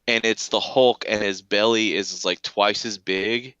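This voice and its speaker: Male panelist, animated storyteller, low bright voice, crisp, lo-fi sound. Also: a little slow, no echo. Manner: animated storyteller, acts out comic scenes in voices. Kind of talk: casual podcast chat.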